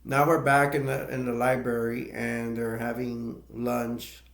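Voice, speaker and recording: A man's voice: mid-range voice, completely flat delivery, measured pace, fairly bright tone. A man casually retelling a film's plot as a movie reviewer, rambling and laughing between points. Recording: echoey room.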